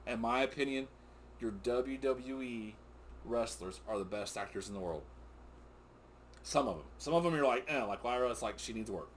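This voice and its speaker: A middle-aged man in a casual wrestling recap chat, talking at a middle pitch. He rambles, restarts his points and gets sidetracked. A faint hiss of noise sits under his voice. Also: normal speed. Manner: excitable, rambling, often sidetracked and laughing. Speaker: co-host of a father-and-son wrestling recap show.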